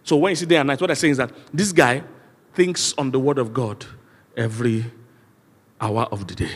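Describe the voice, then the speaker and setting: Nigerian pastor preaching in echoing hall. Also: male voice, mid-range voice, moderate pace. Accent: Nigerian English. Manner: emphatic preaching with call-and-response and repeated refrains. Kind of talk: sermon. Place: large church auditorium. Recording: long church hall reverb.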